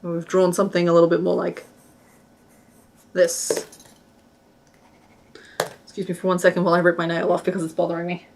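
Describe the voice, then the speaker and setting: A woman with a slightly low voice chats loosely while she crochets on a live stream. She rambles, restarts her sentences and drops to a mutter when she counts stitches. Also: completely flat delivery, rapid-fire, vocal fry, a little mellow, slight background noise. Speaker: crochet streamer and pattern designer.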